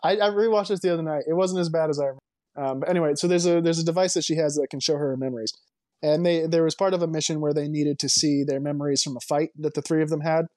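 Excitable opinionated man, higher voice. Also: fast talker, no room sound, clean studio sound. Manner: rambling, emphatic, full of restarts and opinions. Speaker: podcast co-host. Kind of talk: casual movie podcast chat.

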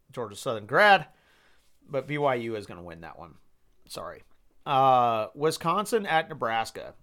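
A man's voice: medium pitch, a bit bright. A young man hosting a podcast, making casual football picks in a rambling, exasperated way with casual swearing. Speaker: podcast host. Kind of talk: casual sports picks monologue.

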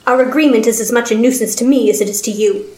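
A woman's voice: on the high side, fast talker, a little mellow, natural voice. Casting: haughty mad-scientist baron, as a woman narrator puts him on, bossy and cold, echoey room. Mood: arrogant. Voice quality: haughty and commanding. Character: arrogant, domineering male baron scientist. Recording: roomy echo.

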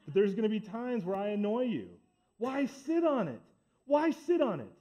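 A man's voice: high voice, sing-song, moderate pace, mellow. A man preaching a sermon as pastor, talking emphatically and building up his points by repeating himself. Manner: emphatic, repetitive build-ups.

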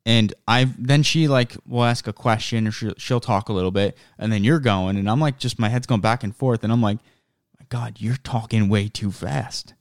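A man's voice: medium pitch, fairly quick, hardly any pauses, no room sound, clean studio sound. A young adult man co-hosting a podcast in casual, rambling chat, often cutting himself off mid-sentence. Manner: rambling, self-interrupting. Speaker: podcast co-host.

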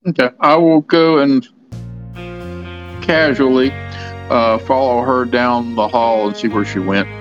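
A man playing a tabletop role-playing game speaks casually, thinking aloud as he describes what his character does. His voice sits at a middling pitch. The recording sounds dull and lo-fi, with faint music behind him. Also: fairly even intonation, a little slow. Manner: chatty, thinks aloud while describing actions. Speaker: player.

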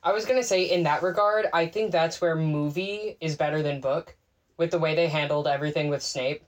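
A woman co-hosting a podcast in casual chat, with dry, deadpan jokes. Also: low-pitched, a little fast, recorded from a distance. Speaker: podcast co-host.

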